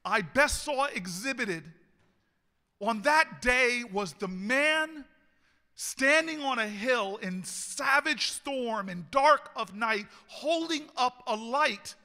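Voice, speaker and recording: High, bright man rallying a hall. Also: lively intonation, slow, a faint crowd. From United States. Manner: storytelling that builds to shouted rallying calls; laughs often between lines. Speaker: mayor giving a political speech. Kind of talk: rousing political speech. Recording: long hall reverb.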